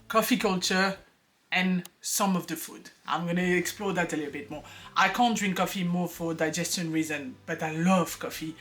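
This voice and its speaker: Chatty woman vlogger, soft music behind. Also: on the low side. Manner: chatty, earnest, with frequent laughs and fillers. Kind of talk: casual personal vlog talk.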